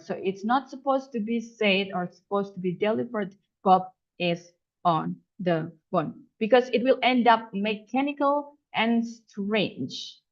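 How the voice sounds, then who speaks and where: A young woman gives a methodical lecture as an English teacher, repeating her examples and restarting words often. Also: a little high. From Indonesia. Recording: dull lo-fi online lecture audio.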